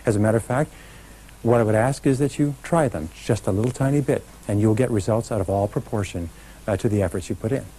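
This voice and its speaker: A man's voice: on the low side, fast talker, mellow, slight background noise, poor audio. A middle-aged man giving a motivational seminar talk, speaking emphatically and directly to a live audience. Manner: emphatic, talks straight to a live audience, leads call-and-response chants.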